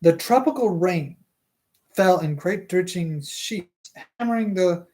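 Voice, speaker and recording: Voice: mid-range voice, takes it slowly, mellow. A streamer reading a novel aloud live, tripping over hard words, correcting themselves, and breaking off for chatty asides.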